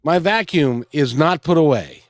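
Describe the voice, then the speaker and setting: A man's voice: a little high, expressive, normal speed, dry recording, clean studio sound. A man hosting an interview, telling a story in a casual, good-humored way and often restarting his phrases. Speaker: interview host.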